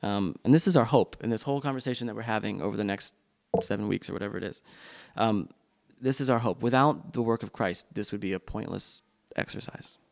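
Gravelly-voiced man teaching a church class. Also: on the low side, fairly quick, few pauses. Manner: loose, unscripted, frequent ums and restarts. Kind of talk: leading a church class discussion.

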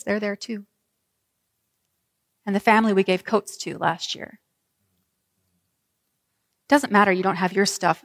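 A woman pastor preaching a sermon, telling the story vividly with dramatic pauses. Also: mid-range voice, a bit bright. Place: church sanctuary. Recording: reverberant church hall.

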